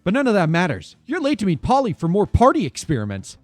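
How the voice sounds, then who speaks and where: A man's voice: sits high, fast talker, soft background music. A man reading out a party game's text to friends on a stream, with playful asides. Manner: animated, reads game text aloud with playful asides. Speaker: game narrator reading choices to friends. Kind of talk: casual group game stream banter.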